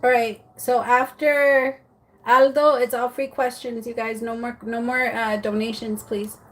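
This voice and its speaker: A woman's voice: fairly high pitch, level tone, measured pace, fairly bright tone. A woman giving a casual livestream tarot reading, chatty and giggly, with lots of fillers and restarts. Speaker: tarot reader.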